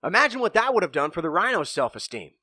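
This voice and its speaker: A man hosting a motivational podcast, telling a parable in an animated way and acting out the characters. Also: high voice, fast, no echo, clean studio sound. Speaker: podcast host and speaker. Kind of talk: storytelling motivational talk.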